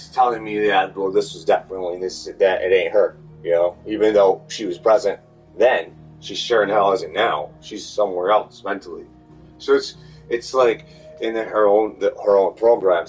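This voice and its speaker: A man talking in a meandering monologue, full of fillers and restarts. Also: lowish voice. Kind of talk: rambling monologue. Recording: distant mic with faint music.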